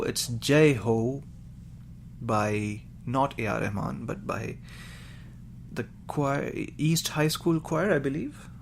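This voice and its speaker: A man's voice: mid-range voice, slow pace, creaky, slight background noise. A man hosting his podcast alone, talking in a rambling, chatty way and joking about himself. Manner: rambling, chatty, self-mocking. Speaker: podcast host. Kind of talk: casual podcast monologue.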